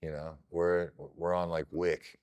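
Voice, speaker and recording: A middle-aged man from Ohio recounts his fights in a loose, animated podcast chat, swearing freely as he goes. His voice sits deep and low, with a smooth, resonant tone. The sound is dry and close to the mic. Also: measured pace, no room sound. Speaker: podcast guest, kickboxer. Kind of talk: casual storytelling.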